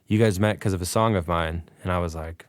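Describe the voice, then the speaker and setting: Speaking briskly in a low voice, a man on a podcast animatedly recounts a story and voices the dialogue himself. It's casual guest storytelling, recorded cleanly in a studio without echo.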